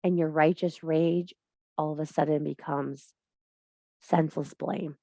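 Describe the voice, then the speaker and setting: Woman, lower register, spiritual teacher type, blunt and preachy. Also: fairly even intonation, measured pace, dark tone, dry recording. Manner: blunt, emphatic, swears freely; preachy, addresses viewer directly. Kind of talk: spiritual monologue to camera.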